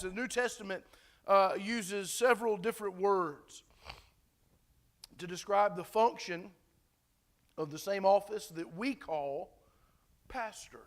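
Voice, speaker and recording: A pastor with a high, fairly bright voice gives a sermon to his congregation in a loose, conversational style. He uses lots of fillers and restarts and asks the listeners questions.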